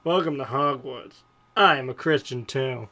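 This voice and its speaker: A man voicing an eager schoolboy wizard in a smooth, radio-like voice for a comedic fanfiction reading. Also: medium pitch, moderate pace, bright, forceful tone.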